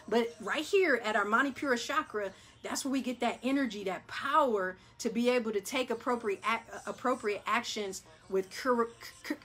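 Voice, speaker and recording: A woman's voice: fairly high pitch, breathy edge. Chatty woman leading a chakra meditation. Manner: chatty, addresses listeners as y'all, repeats "right?"; gets hyped, then slows and softens for breathing. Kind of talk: animated guided meditation talk.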